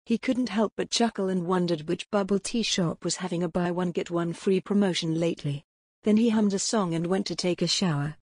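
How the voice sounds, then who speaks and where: A woman reading an audiobook aloud with even, steady pacing. Her voice is a little low and soft with a breathy edge, and the recording is close and completely dry. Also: a little fast, no room sound. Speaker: audiobook narrator. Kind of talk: audiobook narration.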